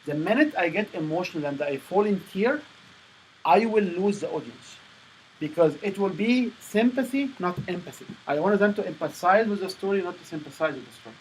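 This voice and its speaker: A man's voice: high-pitched, expressive, brisk, a little hiss or hum, poor audio. A man coaching a sales presentation workshop, firm and emphatic as he lectures.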